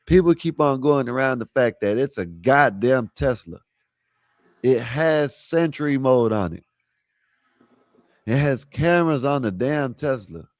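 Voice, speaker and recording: A man's voice: mid-range voice, animated, a little slow, dry recording, studio quality. A man on a live call-in panel who argues emphatically and in exasperation, with plenty of cursing.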